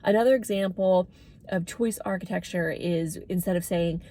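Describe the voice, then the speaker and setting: A woman's voice: lowish voice, normal speed, dark tone, a little hiss or hum. A woman talking casually as a dementia care educator, chatty and lifting her voice when she acts out what people say. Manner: chatty, acts out quoted phrases in a lifted voice.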